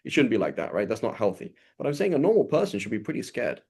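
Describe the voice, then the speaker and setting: A man's voice: on the low side, wildly swooping pitch, fast, a little mellow, slightly rough. A man giving an informal religious lesson, talking loosely and often checking in with his listeners. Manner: conversational, often checks in with "right?"; recites Arabic passages fluently. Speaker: religious teacher.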